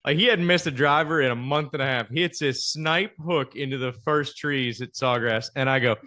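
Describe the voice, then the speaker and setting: Male podcast host, bright tone, animated casual storyteller who voices the other guys. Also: normal speed, few pauses. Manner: animated storyteller, acts out quoted banter with big pitch jumps.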